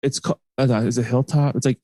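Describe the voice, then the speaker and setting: A man's voice: medium pitch, quick pace, no echo. Chatty man telling a rambling story. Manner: animated, rambling storyteller with many fillers. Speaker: podcast host. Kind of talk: casual podcast storytelling.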